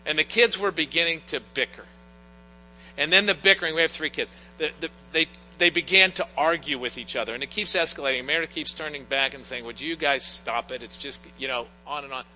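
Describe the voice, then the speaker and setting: Bright-voiced man preaching in a reverberant church. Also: fairly high pitch, fast, soft background music. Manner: earnest, storytelling with personal anecdotes. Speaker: pastor. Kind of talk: sermon. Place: church sanctuary. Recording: long church reverb, faint mains hum.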